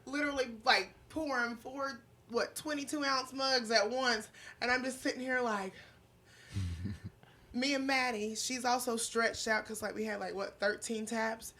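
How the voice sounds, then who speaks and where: Bright-voiced woman telling profane stories. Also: a little high, a little slow. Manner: animated, profane storytelling. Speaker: bartender, podcast guest. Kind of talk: casual chat.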